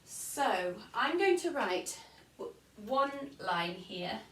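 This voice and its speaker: A woman's voice: fairly high pitch, sing-song, very slow, a bit bright, recorded from a distance. A woman with an English accent teaching an online music lesson to children, counting beats aloud and singing short rhymes. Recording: echoey room, voice off-mic.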